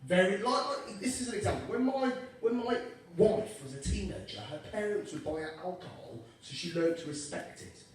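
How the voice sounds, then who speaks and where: A young man with a high-pitched voice performs stand-up on a comedy club stage, cheeky and sweary as he works the audience. He talks at normal speed with few pauses, and the echoey club is recorded from a distance.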